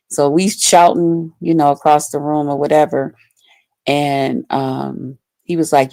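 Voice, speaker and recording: A woman's voice: low-pitched, level tone, measured pace, creaky, warm tone, no room sound. A woman vlogger telling a personal story to her viewers in casual, blunt, profane talk full of fillers.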